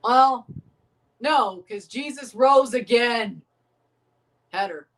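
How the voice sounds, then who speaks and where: With a very high, slightly bright voice and a slow delivery, a livestream host offers loose watchalong reactions to a football match. He laughs often, swears, and calls out the minutes, all captured on a distant mic.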